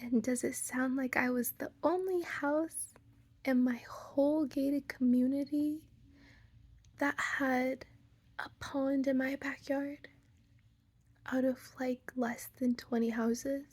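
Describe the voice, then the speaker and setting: A woman's voice: sits high, steady tone, takes it slowly, darkish tone, slightly rough. A young woman with an American Valley girl accent, talking casually to camera, full of "like" fillers, playful asides and half-whispered lines. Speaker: vlogger.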